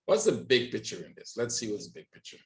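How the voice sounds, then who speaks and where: A man's voice: mid-range voice, huge pitch swings, fast talker. A man hosting a trading webinar, walking through charts on screen and checking in with listeners with frequent "right?". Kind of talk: live screen-share market analysis.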